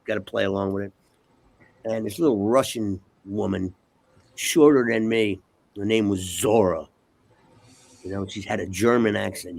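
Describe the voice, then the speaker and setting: A man spins a profane story and acts out every exchange in it. His voice is gravelly and a little husky. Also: lowish voice, moderate pace, no echo. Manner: profane, animated storyteller acting out dialogue. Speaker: interview guest. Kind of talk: casual storytelling.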